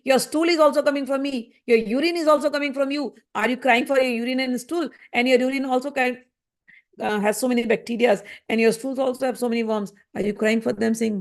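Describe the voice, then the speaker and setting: Female teacher, high pitch, spoken commentary, repeats phrases and presses rhetorical questions. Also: steady tone, fast, vocal fry. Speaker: scripture teacher. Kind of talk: spoken commentary on a spiritual text.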